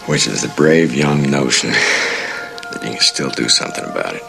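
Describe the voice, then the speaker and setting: Cynical veteran border cop: very deep, gravelly, dry and laid-back. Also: male voice, moderate pace, music in the background. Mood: reflective. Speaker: border patrol officer. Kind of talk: film drama acting.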